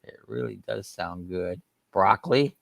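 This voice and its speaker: Gravelly folksy man hosting a live chat. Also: low-pitched, a little slow, a bit bright, no echo, studio quality. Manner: folksy, rambling, chuckling, drawled grammar. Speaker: livestream host. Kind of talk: casual livestream chat reading viewer comments.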